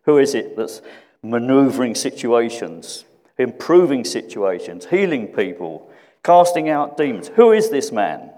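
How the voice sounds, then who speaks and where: A man preaching a sermon in a reflective way, often repeating questions and dropping to a hush. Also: medium pitch, very animated, a little slow, long reverb tail.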